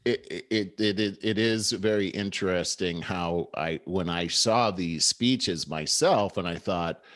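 A low-voiced man hosts a talk show and tells political stories in an easy, measured way. The sound is dry and close, with no room around him. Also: a bit bright, no echo. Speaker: show host. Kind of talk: casual political commentary.

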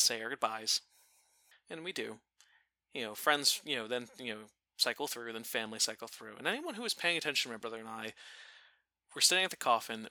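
A man casually telling a funny family story, animated and profane, laughing now and then. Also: medium pitch, dry recording. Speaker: storyteller guest.

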